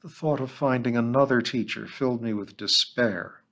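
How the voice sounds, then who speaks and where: A man narrating an audiobook in a measured, even storytelling manner. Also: medium pitch. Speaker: audiobook reader.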